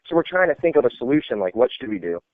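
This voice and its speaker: A man's voice: medium pitch, sing-song, very fast, no echo. A man, an army veteran, telling stories in a casual, rambling way full of "like" and "you know". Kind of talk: casual storytelling. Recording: tinny phone-like dry sound.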